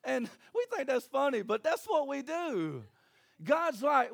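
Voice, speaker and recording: A man, preaching a sermon in a church with jokey, animated storytelling and acted voices. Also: very high voice, unhurried, gravelly. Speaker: pastor.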